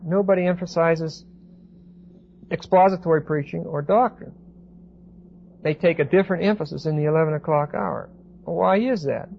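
A man giving a Bible class lecture, reading verses slowly with emphasis and then explaining them in casual asides. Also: a little high, creaky. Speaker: Bible teacher. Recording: dull lo-fi recording with faint hiss.

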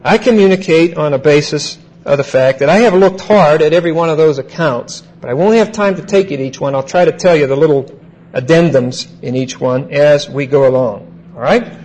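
A male pastor preaching a verse-by-verse sermon. He repeats key phrases, checks in with "Okay?", and slows down to stress key words. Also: fairly high pitch, darkish tone, poor audio. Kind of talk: expository sermon.

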